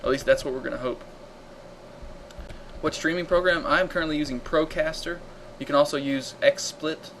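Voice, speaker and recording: A man hosting a live game stream, chatting casually and reacting loudly to the action while reading viewer comments aloud. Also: fairly high pitch, steady tone, moderate pace, slight background noise, low-quality recording.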